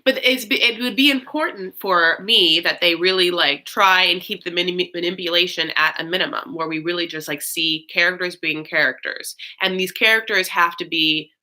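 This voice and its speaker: A woman's voice: on the low side, moderate pace, hardly any pauses, bright, forceful tone. A young woman hosting a casual livestream, rambling with lots of fillers and gushing thanks to her viewers. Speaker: host of a live recap stream.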